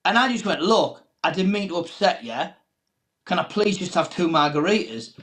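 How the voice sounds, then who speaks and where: A man's voice: sits high, moderate pace. A man, a comedian guest, telling a story in a panel chat and acting out the voices he quotes. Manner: animated anecdote teller, acts out quoted voices.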